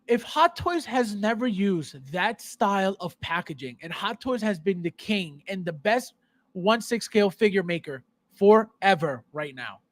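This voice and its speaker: Hosting a collector's live show, a man with a high, expressive voice talks a little slowly as he chats with viewers on the stream. He rants at them heatedly and sarcastically, repeating himself out of exasperation, like a podcast host.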